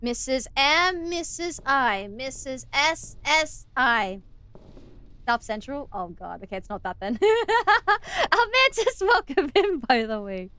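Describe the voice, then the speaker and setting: A woman's voice: high voice, big pitch swings, takes it slowly, bright, forceful tone. A young Australian woman streaming a game, chatting playfully with viewers, giggling and sounding out words as she rambles. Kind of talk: casual live-stream chat while gaming.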